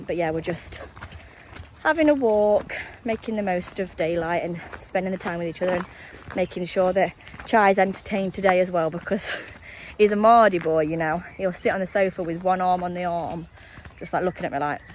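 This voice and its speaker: A woman's voice: lowish voice, fairly even intonation, fairly quick, low-quality recording. Woman, young, chatty, rambling, a little out of breath, outdoors, faint background hum. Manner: rambling, friendly, talks to viewers directly. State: slightly out of breath. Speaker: vlogger. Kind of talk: casual chatty vlog while walking. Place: outdoors on a countryside walk.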